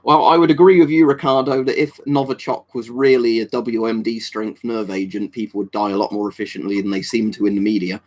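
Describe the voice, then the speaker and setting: A man's voice: lowish voice, steady tone, fairly quick, few pauses, darkish tone. English guy rambling thru a livestream, reading chat, lots of ums and restarts. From England. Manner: rambling and offhand, with many fillers and restarts. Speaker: livestream host. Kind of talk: casual live-stream chat answering viewer comments.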